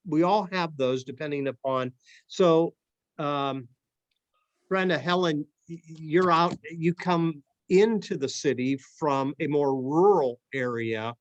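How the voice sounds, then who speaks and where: A middle-aged man with a Midwest accent leads a church study group in an easygoing, rambling manner. His voice sits a little high, and the sound is dry with no room echo. He restarts sentences and fills pauses with ums. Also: muffled recording. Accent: Midwest American. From Akron, Ohio. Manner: conversational, many ums and restarts. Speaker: Bible study leader.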